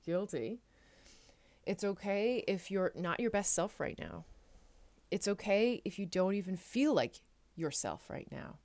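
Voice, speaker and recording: A woman hosting a solo podcast, speaking gently and reassuringly in heartfelt, repeated affirmations, a little tearful at times. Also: mid-range voice, lively intonation, a little slow. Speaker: podcast host.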